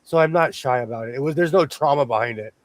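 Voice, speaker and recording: A man's voice: mid-range voice, fast, no room sound, rough recording. A man hosting a casual chat, talking in an easygoing way with lots of restarts and self-corrections. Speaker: host.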